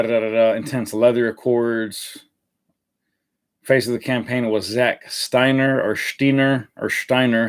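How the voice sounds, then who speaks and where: Guy doing a live cologne review, chatty and rambly, lots of uh and restarts, normal mid voice. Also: medium pitch. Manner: rambling, many fillers and self-corrections. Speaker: fragrance reviewer.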